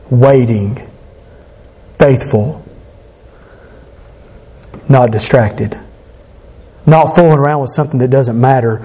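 A man preaching a sermon, building rhythmic lists and rising to passionate shouts. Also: mid-range voice. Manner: impassioned, rising to shouts on climaxes.

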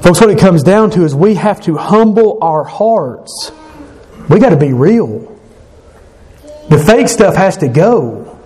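A man's voice: sits high, lively intonation, takes it slowly, warm tone. A pastor, a man, delivers an emphatic sermon in a slightly raised voice. He speaks earnestly and conversationally, with frequent restarts and self-corrections.

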